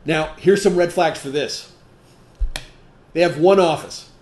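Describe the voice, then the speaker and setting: A sales trainer gives an emphatic training talk to distributors, posing rhetorical questions and often checking in with "okay?". His voice is a little high and a little mellow at a measured pace. The echoey room recording has a little hiss or hum.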